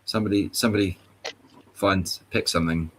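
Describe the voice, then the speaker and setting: Very deep-voiced easygoing man. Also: steady tone, a little fast, fairly bright tone, slight background noise. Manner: easygoing, hesitant, with fillers and restarts. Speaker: participant in open discussion. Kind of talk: casual chat on a live voice call.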